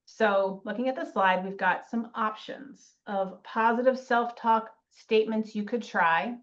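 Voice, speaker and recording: A woman's voice: fairly high pitch, measured pace. A woman co-presenting an online training session, chatty and telling stories with asides, heard over a video call. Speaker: webinar co-presenter. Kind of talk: casual online training talk. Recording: distant, dull lo-fi call audio.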